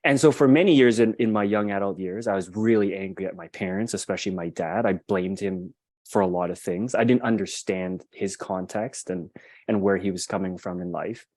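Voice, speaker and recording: Young adult male guest, low-pitched, earnest storyteller who restarts his sentences. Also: brisk, a little mellow, no room sound. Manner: earnest and reflective, with frequent restarts. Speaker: podcast guest. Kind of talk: telling a personal story in conversation.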